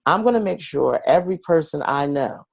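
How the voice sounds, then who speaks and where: A man's voice: fairly high pitch, lively intonation, moderate pace, vocal fry, no echo. Earnest man telling his story, dry sound. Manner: earnest, confessional, acts out quoted voices. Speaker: guest. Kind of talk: personal storytelling in an interview.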